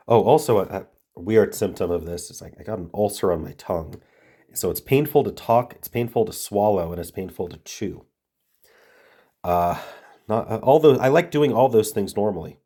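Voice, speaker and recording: A man's voice: lowish voice, animated, normal speed, long pauses, warm tone, slightly rough. A man with a stuffy head cold, thinking aloud and muttering as he works through word puzzles. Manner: muttering, trailing off, reading words aloud. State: congested from a cold. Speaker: puzzle-solving video host.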